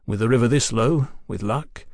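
A man voicing a calm, worldly guide who speaks in a measured way, in an audiobook. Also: medium pitch, dry recording, clean studio sound, natural voice. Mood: explaining.

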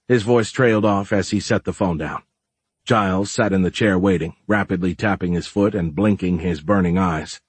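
Male narrator, audiobook reading, husky low voice, dry close sound. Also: dry recording. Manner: steady, measured storytelling.

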